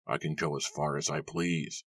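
A man voicing a crotchety old grandfather with a raspy, harsh voice who barks his complaints. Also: extremely low pitch, level tone, normal speed, fairly bright tone, no echo, clean studio sound, exaggerated voice. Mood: gruff. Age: over 60. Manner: barking, bellowing complaints.

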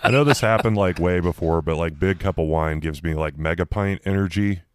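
A man talking casually on a podcast, laid-back as he explains. His voice is very low and smooth. The sound is dry and close. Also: a little fast, no room sound. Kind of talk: casual chat.

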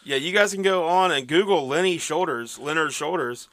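A man with a bright, forward tone and a slightly high pitch co-hosts a casual podcast chat. He sounds laid-back and jokey, drawing out his phrases. The sound is dry and close. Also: moderate pace, no room sound. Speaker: podcast co-host.

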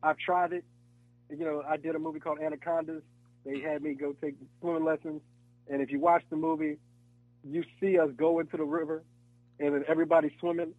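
A man, an actor, talking in a relaxed interview and telling animated stories, acting out voices and laughing often. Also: fairly high pitch, dry recording, narrow, tinny audio. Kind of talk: casual interview chat.

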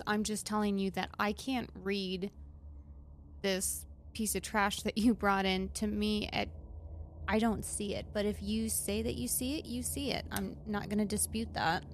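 A woman's voice: mid-range voice, steady tone, moderate pace, slight background noise. A woman player in a tabletop game speaking frankly and reassuringly. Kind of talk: tabletop role-play.

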